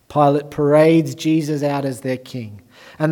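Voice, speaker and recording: A man preaching a sermon, moving from hushed lines to loud, emphatic ones. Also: a little high, steady tone, normal speed. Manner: swings from quiet to loud and emphatic.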